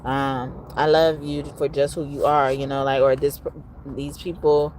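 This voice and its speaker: Woman tarot reader, low voice, blunt and profane, faint background hum. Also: little pitch movement, measured pace, darkish tone. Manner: blunt and profane, chatty with frequent laughs. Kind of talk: casual live tarot reading.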